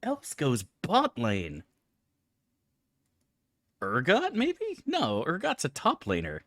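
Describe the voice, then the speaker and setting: A man's voice: medium pitch, wildly swooping pitch, slow, a bit bright, dry recording, clean studio sound. A man streaming a game live, chatting casually with viewers, swearing freely and complaining in an exaggerated, chummy way. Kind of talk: casual live-stream chat while gaming.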